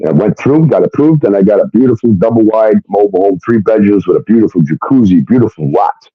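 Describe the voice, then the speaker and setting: A man recounts his story with a lively, swinging delivery, leaning hard on emphasis and the odd curse. The recording is dull and lo-fi, with a dry, close sound. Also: lowish voice, fast, slightly rough, dry recording. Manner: emphatic, profane, keeps adding "okay?". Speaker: guest. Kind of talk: casual storytelling.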